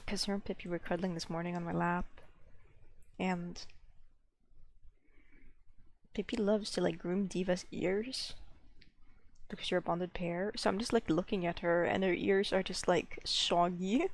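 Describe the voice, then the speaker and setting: A woman streamer talks casually on a live stream, her voice dipping into a light vocal fry. She rambles along with plenty of "like" fillers, giggles, and coos playfully at her pet. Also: fairly low pitch, fairly even intonation, unhurried, pauses often.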